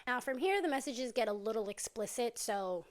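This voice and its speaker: A woman's voice: a little high, animated, normal speed. A woman telling a story casually and dramatically into a close mic, acting out the dialogue as she goes. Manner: chatty, dramatic retelling with quoted dialogue.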